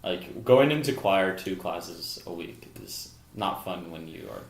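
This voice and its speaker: A young man co-hosting a casual podcast, chatty and musing, quick to laugh. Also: low voice, vocal fry, echoey room. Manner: animated, laughs easily, musing. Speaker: podcast co-host. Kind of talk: casual chat.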